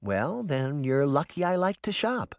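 A man's voice: on the high side, sing-song, unhurried, dry recording, studio quality, pitched above the performer's own voice. Man doing a sweet, teasing princess. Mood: light. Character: sweet adult princess working a cafe.

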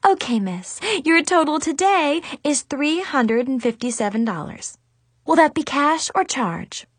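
A woman's voice: high-pitched, big pitch swings, measured pace, dry recording, voice pushed up. A woman voicing a snooty, condescending female store cashier in a story reading. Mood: polite. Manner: sniffy, condescending.

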